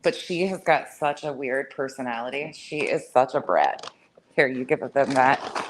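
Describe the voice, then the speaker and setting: Low-pitched lady rambling bout her cats at home, blunt, swears a lot, bit of hiss behind. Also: moderate pace, poor audio. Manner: chatty, blunt, swears freely. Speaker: cat owner vlogger. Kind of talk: casual chat to camera. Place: home, indoors.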